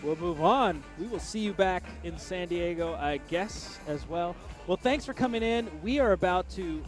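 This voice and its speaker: High-pitched guy doing race commentary and rider chats, jokey and upbeat, loud music behind. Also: moderate pace. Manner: chatty, joking, upbeat. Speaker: race commentator and pit interviewer. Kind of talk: live sports commentary and interviews. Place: small hot commentary booth.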